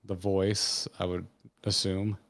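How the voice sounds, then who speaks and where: Low-voiced man musing on a game stream. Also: level tone, takes it slowly, fairly bright tone. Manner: reads game dialogue aloud, then muses over it thoughtfully. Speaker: co-host playing a video game. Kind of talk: casual gaming stream chat.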